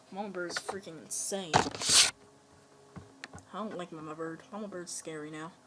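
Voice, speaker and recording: A woman's voice: on the low side, fairly even intonation, a little slow, long pauses, heavy background noise. A woman giving casual let's-play commentary, rambling playfully and talking at other players. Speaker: gameplay commentator.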